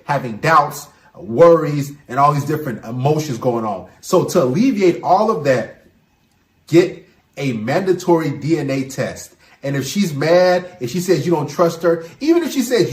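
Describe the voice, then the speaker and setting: Emphatic man giving lively advice. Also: a little high, reverberant. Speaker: channel host. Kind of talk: opinion monologue to camera.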